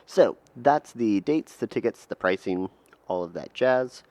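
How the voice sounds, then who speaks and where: A man co-hosting a podcast, laying out topics in a relaxed, methodical way. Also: mid-range voice, a little slow, no room sound. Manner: relaxed, methodical, lays out segments. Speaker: podcast co-host. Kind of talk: casual chat.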